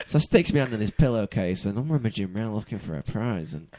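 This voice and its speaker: A man's voice: lowish voice, animated, quick pace, a little mellow. A young man from the UK, a guest telling rambling stories in casual chat on a podcast, laughing through his tales. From United Kingdom.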